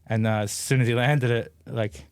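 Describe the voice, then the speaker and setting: An Australian man in his forties spins a long anecdote as a podcast guest, loose and easygoing. His voice is neither high nor low, and it is heavy on fillers and the odd swear word. The recording is dry and close, with no room sound. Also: steady tone, moderate pace, clear, resonant tone, dry recording. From Adelaide, Australia. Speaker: podcast guest, BMX rider. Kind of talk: casual storytelling.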